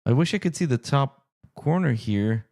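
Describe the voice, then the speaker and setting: Male streamer, casual live chat, thinks out loud, answers chat, animated and expressive. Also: mid-range voice, normal speed. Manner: chatty, thinks aloud, answers viewer chat. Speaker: streamer and game master.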